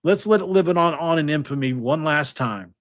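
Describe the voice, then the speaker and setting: A man's voice: on the high side, lively intonation, normal speed, a little hiss or hum. Rambling man hosting a sports podcast. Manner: rambling, full of fillers and restarts. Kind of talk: casual sports talk.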